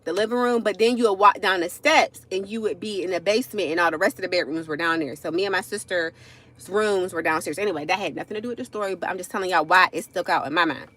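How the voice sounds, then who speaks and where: A woman's voice: lowish voice, fast talker, fairly bright tone. A woman, telling a casual story on a livestream, chatty, addressing viewers as y'all, with frequent asides. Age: 40s.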